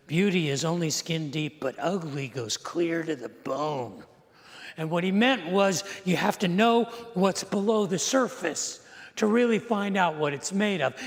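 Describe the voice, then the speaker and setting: Middle-aged man, pastor, casual storytelling sermon with dry humor and questions to the congregation; high-set voice, reverberant hall. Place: church sanctuary.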